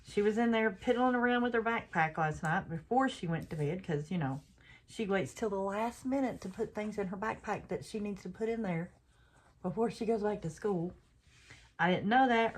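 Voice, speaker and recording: A woman's voice: medium pitch, normal speed. An older woman, the host of a craft channel, chatting and telling rambling stories while she works on a craft. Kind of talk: casual chat while crafting.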